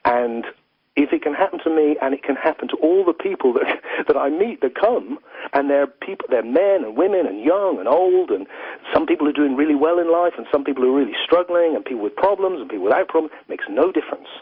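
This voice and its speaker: Reflective English guest philosopher, husky voice, phone-line sound. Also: male voice, on the high side, expressive, brisk, no room sound. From England. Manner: earnest, flowing, uses "you know" often. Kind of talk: reflective interview talk. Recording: tinny phone line, dry.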